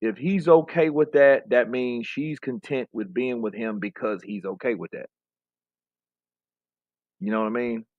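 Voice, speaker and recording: Podcast guy rambling and cussing, mid pitch, dry dull sound. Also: measured pace, pauses often, no room sound. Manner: profane, rambling, trailing off. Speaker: podcast co-host. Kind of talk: casual chat.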